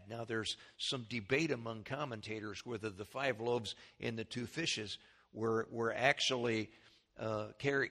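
A man preaching a sermon, explaining scripture earnestly and clearing his throat often. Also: medium pitch, pushed and bright.

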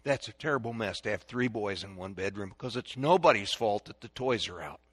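An older man giving a folksy, sermon-style talk on raising children, animated, acting out stories and drills. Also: fairly low pitch, fairly quick, breathy edge, no room sound. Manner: animated storyteller, shouting drills to kids. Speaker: speaker on parenting.

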